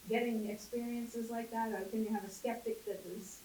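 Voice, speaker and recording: A woman's voice: on the high side, little pitch movement, moderate pace, warm tone. A woman in the audience politely and hesitantly asking the speaker a question. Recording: echoey room, voice from far off, faint hiss.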